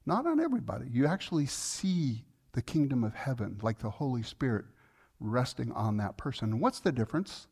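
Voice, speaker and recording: A male pastor preaching a sermon in a conversational, earnest way, telling a personal story with fillers and restarts, and growing soft and quiet in tender moments. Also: very animated, moderate pace, breathy edge. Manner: softens and lowers his voice in tender moments.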